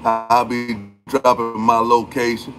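A man's voice: medium pitch, monotone, slow pace, faint music behind. Slangy man chatting on a livestream. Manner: loose slangy talk, greets and calls out chatters by name. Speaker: livestream host. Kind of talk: casual livestream chat.

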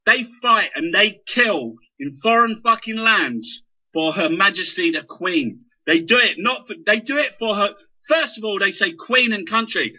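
A man's voice: high-pitched, expressive, measured pace, bright, forceful tone, breathy edge. A man in an impassioned political rant, swearing heavily and stumbling over repeated words. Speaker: guest. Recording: dull lo-fi internet radio audio.

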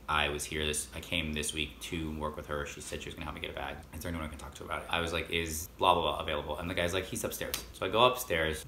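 A man chatting through a storytime vlog, retelling his shopping trip with quick, lively quoted dialogue. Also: low-pitched, roomy sound, a little hiss or hum. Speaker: vlogger.

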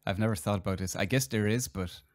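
A man's voice: on the low side, quick pace, dry recording, clean studio sound. A man hosting a podcast, asking curious follow-up questions in casual chat. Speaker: podcast host.

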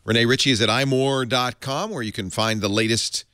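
A man's voice: medium pitch, fairly even intonation, moderate pace, sharp tone, no echo, clean studio sound. A man hosting a tech podcast, thanking guests and reading plugs with playful, jokey patter. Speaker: podcast host.

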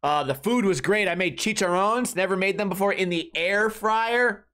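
A man's voice: high-pitched, moderate pace, pushed and bright. A man hosting a comedy podcast, telling rambling, crude, jokey stories about his weekend in a casual way. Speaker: podcast host.

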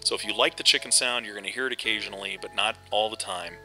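A man's voice: lowish voice, fast, pushed and bright, soft background music, poor audio. A middle-aged man chatting casually over gameplay, rambling with lots of fillers and restarts. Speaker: host. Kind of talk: casual game commentary.

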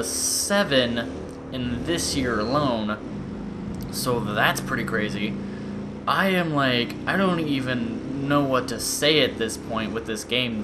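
Young man, excited gameplay commentary, rambling, enthusiastic, background noise. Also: medium pitch. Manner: gushing, rambling, quick bursts of enthusiasm. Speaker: gaming YouTuber.

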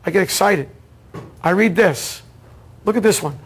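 A man teaching an automotive diagnostics seminar, telling a case story in a casual, excitable way and acting out the dialogue. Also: high voice, moderate pace, breathy edge. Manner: casual slangy talk, repeats words. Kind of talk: seminar lecture.

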